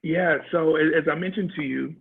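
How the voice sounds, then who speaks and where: A man's voice: on the high side, moderate pace, vocal fry, slightly rough, no room sound. A man in his thirties telling stories in an oral history interview over a video call, reflective, often repeating and restarting words. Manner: reflective, many repetitions and restarts. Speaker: interviewee, alumnus. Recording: tinny video call audio.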